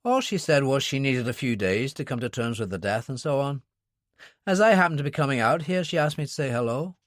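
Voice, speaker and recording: A man's voice: mid-range voice, no room sound, pitched above the performer's own voice, close to an everyday voice. A man playing a cool, watchful Irishman. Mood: calm. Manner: calm, measured, dry.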